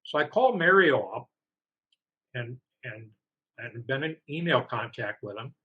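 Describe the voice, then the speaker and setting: A man's voice: medium pitch, animated, a little slow, slightly rough, highs cut off. A man casually recounting his dealings with a publisher, exasperated, sometimes mimicking the staff's replies. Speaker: author telling a complaint. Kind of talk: casual storytelling.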